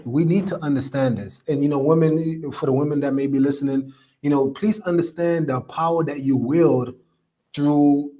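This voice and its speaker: A man's voice: fairly high pitch, warm tone. A man hosting a live stream, reading viewer comments and preaching his opinions with emphatic, repetitive stress.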